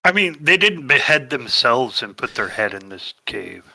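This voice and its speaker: A man at a tabletop game who chimes in with blunt, dry remarks. His voice is mid-pitched with a bright, sharp edge. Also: big pitch swings, normal speed, vocal fry, poor audio. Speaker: player. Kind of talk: casual tabletop game chat.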